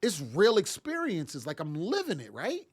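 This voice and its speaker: Man, higher-pitched voice, congested, emphatic motivational talk, casual repetitive phrasing. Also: huge pitch swings, normal speed, husky. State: congested from sinus trouble. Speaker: parenting podcast host. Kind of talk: motivational monologue.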